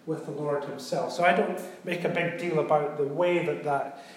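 A man preaching a sermon, talking it through like a teacher and pausing to ask if everyone is with him. His voice sits a little higher than most men's. The recording carries a heavy echo from a big reverberant room. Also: fairly even intonation, slight background noise. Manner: conversational teaching, checks in with "okay?". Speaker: pastor. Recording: very echoey room.

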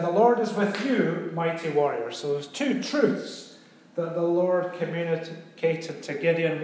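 Guy preaching, chatty teaching style, kinda high voice, lots of room echo. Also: darkish tone. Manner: conversational teaching, checks in with "okay?". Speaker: pastor. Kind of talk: sermon. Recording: very echoey room.

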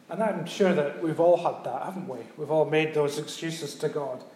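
A man preaching a sermon, talking it through like a teacher and pausing to ask if everyone is with him. His voice sits a little higher than most men's. The recording carries a heavy echo from a big reverberant room. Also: darkish tone. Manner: conversational teaching, checks in with "okay?". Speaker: pastor. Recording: very echoey room.

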